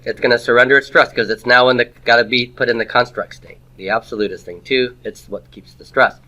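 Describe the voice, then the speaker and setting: A man teaching a Hebrew grammar class in a classroom, lecturing and firing quick rhetorical questions at the students. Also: mid-range voice, steady tone, pushed and bright.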